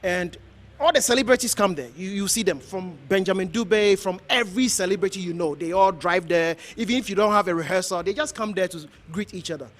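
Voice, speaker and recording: Earnest high-voiced Ghanaian pastor. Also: male voice, a little fast. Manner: earnest, repetitive, exhorting. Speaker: pastor hosting an honoring event. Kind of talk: heartfelt speech to a gathering.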